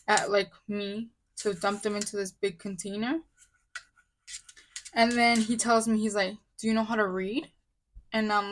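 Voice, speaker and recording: A woman in her twenties telling a casual storytime vlog, upset and venting, with many fillers and restarts. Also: fairly high pitch. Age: 20s. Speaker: vlogger.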